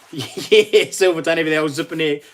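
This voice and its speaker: Reading out viewer messages and laughing a lot, a middle-aged New Zealander keeps things casual on his live stream. His pitch is fairly high.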